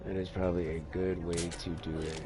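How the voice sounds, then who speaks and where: A man's voice: deep voice, flat delivery, a little fast, music in the background. A man streaming a game, telling rambling stories between play, filler-heavy and casual. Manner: rambling storyteller, lots of "like" and "dude". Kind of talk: casual let's play commentary.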